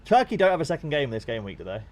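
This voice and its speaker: Watching football on a live stream, a young man chats casually with his viewers, swearing freely and growing excited. His voice is a little high and his speech races along.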